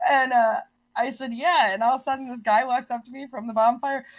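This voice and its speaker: Animated woman guest telling stories. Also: on the high side, a little fast. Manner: animated, laughs often, many restarts. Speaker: podcast guest. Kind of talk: casual storytelling.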